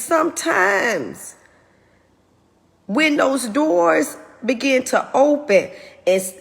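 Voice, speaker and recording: A woman's voice: high-pitched, in a large hall. A woman hosting her own show, candidly telling a personal testimony in an earnest, open way. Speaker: host.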